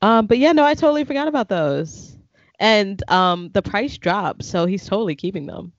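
Laid-back, slangy chatter with lively pitch. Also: moderate pace, no echo. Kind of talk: casual chat about sneakers. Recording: dull, lo-fi sound.

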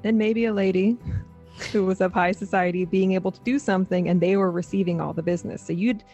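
A woman's voice: mid-range voice, steady tone, brisk, dark tone, soft background music. A young adult woman co-hosting a podcast in casual chat, laughing often. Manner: chatty, laughs often, reads quotes aloud dramatically. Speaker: podcast co-host.

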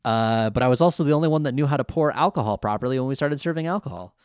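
A man's voice: medium pitch, very fast, smooth, dry recording, clean studio sound. A man in his twenties co-hosting a casual podcast, recapping an anime episode and acting out quotes as he tells it. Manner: animated storytelling, acts out quotes. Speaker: podcast co-host.

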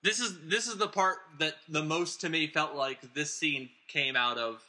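A man's voice: on the high side, normal speed, bright, forceful tone. A man hosting a podcast, casually recapping a film plot in a rambling, digressive way and chuckling as he talks. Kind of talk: casual chat.

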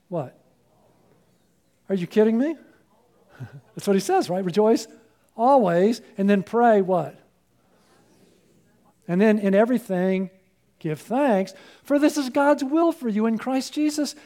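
A man preaches a sermon in a strikingly high voice with a soft, mellow tone. He pushes up hard when he urges his listeners. He keeps tossing questions to the congregation for them to answer back. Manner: emphatic, rising sharply when quoting and urging; asks the congregation call-and-response questions. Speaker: pastor.

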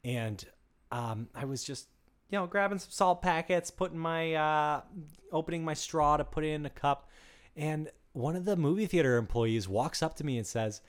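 A young man co-hosting a casual podcast, easygoing and quick to laugh as he tells a story. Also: on the high side, clean tone. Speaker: podcast co-host. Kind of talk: casual chat.

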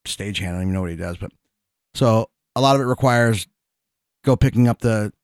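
A man's voice: lowish voice, brisk, clear, resonant tone, dry recording. A man co-hosting a podcast in casual chat, rambling and hesitant, often restarting his sentences. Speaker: podcast co-host.

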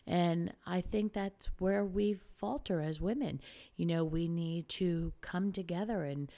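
A woman's voice: low voice, steady tone, a little slow, dark tone. A middle-aged woman talking earnestly and conversationally about women supporting each other, with frequent fillers. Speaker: speaker encouraging women. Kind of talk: casual heartfelt talk.

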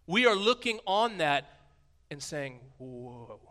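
A man in his thirties giving a sermon, conversational and playful, swinging from a hushed voice to booming emphasis. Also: normal speed. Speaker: pastor.

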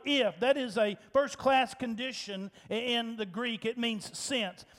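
A man preaching a sermon as pastor in a church, impassioned, repeating phrases for emphasis and breaking into shouts. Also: very high voice, a little slow, few pauses, big-room sound.

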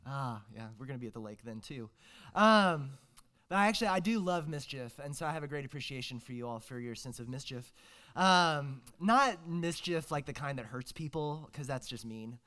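A man's voice: medium pitch, expressive, normal speed, bright, forceful tone. A young man, preaching a casual, joking sermon as a guest preacher, full of fillers and restarts.

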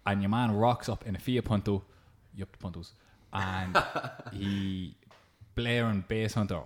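A man co-hosting a podcast, telling stories in an animated way full of crude jokes. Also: on the low side, a little slow. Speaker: podcast co-host. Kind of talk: casual chat.

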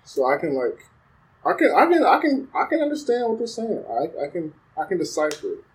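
A man's voice: sits high, huge pitch swings, fairly quick, rough recording. Easygoing man from the South. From American South. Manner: easygoing, laughs often, self-deprecating humor. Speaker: podcast guest. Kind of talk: casual podcast chat.

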